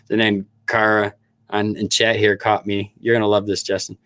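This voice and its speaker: Snake-breeder livestream host, middle-aged man, low-pitched voice, stammery and chatty, dry home recording. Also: little pitch movement, normal speed, fairly bright tone, no room sound. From Upper Peninsula of Michigan. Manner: laughing, chatty, stammering restarts. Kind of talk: casual livestream chat with viewers.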